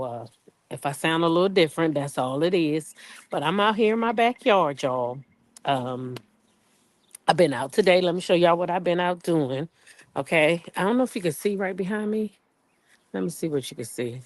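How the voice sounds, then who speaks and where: A woman's voice: low voice, expressive, moderate pace, poor audio. A woman hosting a casual live stream from her backyard, chatty and greeting viewers by name, a little stuffy from a cold. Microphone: phone on a selfie stick.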